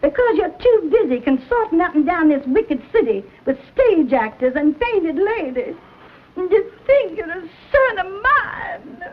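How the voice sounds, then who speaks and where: A stern frontier mother in an old TV western, high-pitched and lively as she scolds. The sound is tinny and narrow. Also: moderate pace, hardly any pauses, a little hiss or hum. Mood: scolding. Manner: scolding, emphatic. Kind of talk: 1950s TV western drama.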